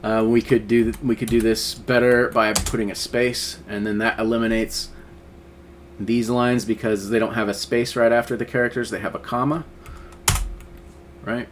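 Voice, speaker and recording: A man's voice: medium pitch, little pitch movement, normal speed, noisy background. A man teaching a screen-recorded coding lesson, talking casually and thinking aloud with many fillers. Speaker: instructor. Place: at a computer, keyboard typing.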